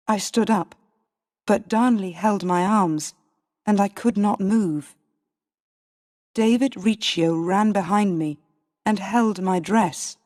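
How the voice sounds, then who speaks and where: Slow woman storybook narrator. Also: medium pitch, a little mellow. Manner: slow, careful, clear reading. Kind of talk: storybook reading for English learners. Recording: long reverb.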